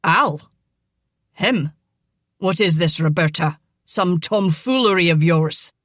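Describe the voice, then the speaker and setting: A woman voicing a stern, blustering older father, lowering her voice to sound gruff and terse. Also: expressive, takes it slowly, a bit bright, dry recording, studio quality, heavily acted. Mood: flustered.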